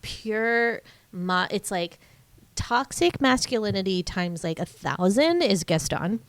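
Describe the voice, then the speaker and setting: A woman's voice: mid-range voice, expressive, takes it slowly, dry recording. A woman co-hosting a podcast, recapping a film in casual chat with lots of fillers and sarcastic asides. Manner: chatty and sarcastic, full of fillers. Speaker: podcast co-host.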